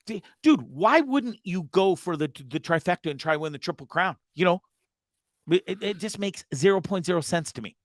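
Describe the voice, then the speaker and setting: A man hosting a loose podcast chat, swearing freely and ranting in bursts. His voice sits a little high and swings about a lot as he gets worked up. The sound is dry and close. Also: normal speed, no room sound. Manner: profane, excitable rants with repeated words. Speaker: host.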